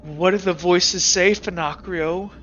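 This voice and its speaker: A man voicing a terrified, cornered young woman in a tabletop game, speaking slowly and hushed with fear. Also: high voice, fairly even intonation, muffled recording, a little hiss or hum. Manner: slow, fearful, hushed delivery.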